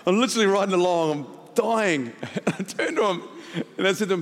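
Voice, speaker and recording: A middle-aged male pastor, telling a story in a sermon, laughing often and building to shouts. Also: high-pitched, moderate pace, big-room sound.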